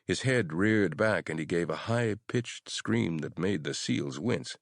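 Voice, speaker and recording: A man narrating a horror audiobook in a measured, even storytelling manner. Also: sits low, creaky, no room sound, studio quality.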